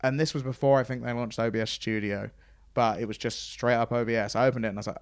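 A man telling convention stories in casual chat, acting out quoted lines in a higher voice. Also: fairly even intonation, quick pace, clean tone, dry recording, studio quality. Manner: chatty storyteller, acts out quotes in a higher voice. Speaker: podcast host and stage host.

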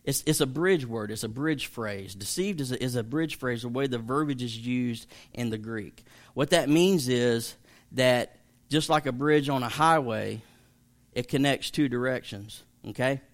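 A man's voice: mid-range voice, unhurried. A man, a pastor teaching an evening Bible study in a chatty, emphatic way that jokes with listeners.

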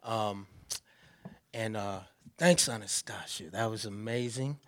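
A man's voice: on the low side, takes it slowly. A male poet talking loosely to a live audience before reading, with plenty of "uh" and restarts. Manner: relaxed and loose, stumbling with "uh". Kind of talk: casual talk before a poetry reading.

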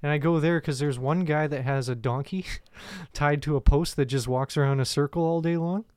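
A man's voice: on the high side, moderate pace, a little mellow, clean tone, no echo. A man co-hosting a casual comedy podcast, rambling and profane, often laughing through his own stories. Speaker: podcast co-host.

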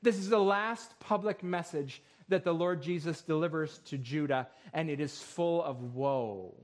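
A pastor with a fairly high voice delivers a sermon in a church. He reads scripture with building force, then drops into a calmer, explaining tone. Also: unhurried. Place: church sanctuary.

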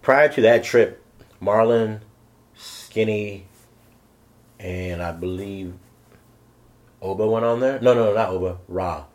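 A man's voice: on the low side, takes it slowly, long pauses. A man from Maryland, a guest on a podcast, telling stories casually with frequent restarts and self-corrections. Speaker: podcast guest, BMX rider. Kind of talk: casual storytelling interview.

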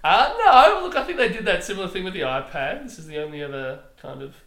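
Podcast co-host, casual film chat, acts out scenes, bright tone, roomy echo. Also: mid-range voice, fast talker. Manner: animated, acts out film lines.

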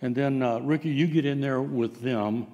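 A man's voice: mid-range voice, moderate pace, mellow, highs cut off. Guy preaching a sermon, easygoing storyteller, lots of uhs, big church reverb. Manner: folksy storytelling, frequent "uh" fillers. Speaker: pastor.

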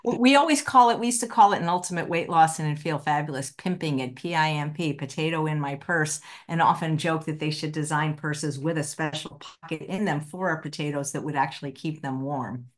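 Woman podcast host, very low voice, playful, joking. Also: a little fast, hardly any pauses. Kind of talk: interview, casual chat.

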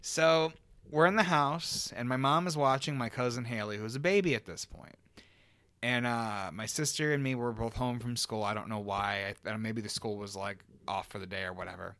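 A man co-hosting a podcast, telling a story in a casual, profane, animated way. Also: medium pitch, normal speed, no room sound. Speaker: podcast co-host. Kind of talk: casual chat.

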